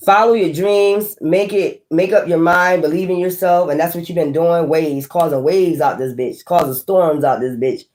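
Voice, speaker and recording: A woman with a lowish, slightly mellow voice gives a tarot reading in a blunt, profane way. She laughs often and speaks directly to the listener.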